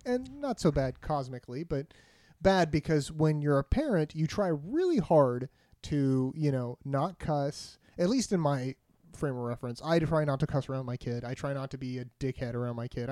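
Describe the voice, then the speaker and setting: A man in his thirties casually telling animated stories among friends, swearing freely. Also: on the high side, dry recording, clean studio sound. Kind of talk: casual profane banter.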